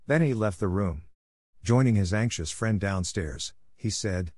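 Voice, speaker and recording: A man narrating a children's novel aloud in steady storytelling fashion. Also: on the low side, unhurried, dry recording, studio quality. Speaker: audiobook narrator.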